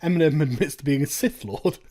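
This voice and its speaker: A man's voice: on the high side, brisk, dark tone, husky. A man hosting a reaction commentary, ranting in a sarcastic, profane way. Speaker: commentary video host.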